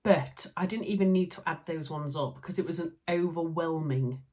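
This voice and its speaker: A Yorkshire woman chats casually to her viewers about her sewing. Her voice sits a little low and she talks with frequent laughs and filler ums. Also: moderate pace, mellow. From Yorkshire, England. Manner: chatty, laughs often, lots of ums. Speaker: sewing vlogger. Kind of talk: casual chat to camera.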